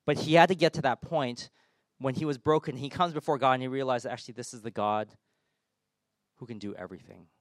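Preacher with a dynamic sermon delivery. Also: male voice, mid-range voice, fairly quick, no echo, studio quality. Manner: dynamic delivery, swelling loud then dropping soft. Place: church.

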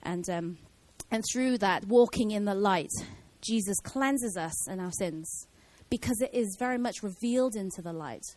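A woman's voice: medium pitch, moderate pace, hardly any pauses, a little mellow, no room sound, low-quality recording. A woman giving an informal Bible teaching in a casual way, with many fillers and restarts.

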